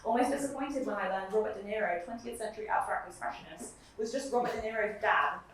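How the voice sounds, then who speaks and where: Young woman poet at a live reading, steady recital w/ chatty bits between poems, mid-pitched, far from the mic. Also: fast talker, a little hiss or hum. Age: young adult. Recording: very echoey room, mic far off.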